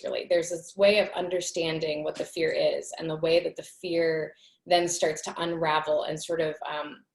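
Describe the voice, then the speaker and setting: A woman's voice: fairly low pitch, creaky, echoey room, low-quality recording. A woman host earnestly recounting a personal spiritual experience in conversation, with many casual fillers. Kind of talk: reflective personal storytelling in conversation.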